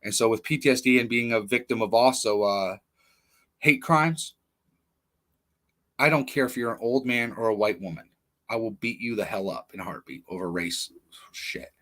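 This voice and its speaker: A man's voice: medium pitch, fairly bright tone. A man hosting a livestream, telling personal stories in a rambling, blunt, profane casual monologue. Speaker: livestream host.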